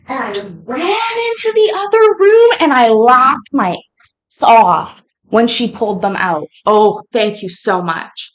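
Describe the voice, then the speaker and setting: Excitable woman with a lively, high voice. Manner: excitable and gushing, quick to laugh. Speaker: vlogger unboxing fan mail. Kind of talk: casual unboxing chat. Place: at home.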